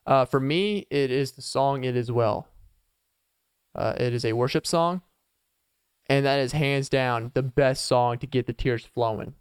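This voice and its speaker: A man hosting a casual solo podcast, rambling playfully and chuckling between thoughts. His voice is smooth and clear at a middle pitch. He is recorded close on the mic in a dry space with no echo. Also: unhurried. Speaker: podcast host.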